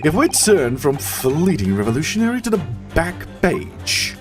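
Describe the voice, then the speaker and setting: A man with a Russian accent reading the lines of a pompous, eccentric male detective in a theatrical, drawn-out way, with game music behind. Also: fairly high pitch, big pitch swings, voice pushed up. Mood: grandiose.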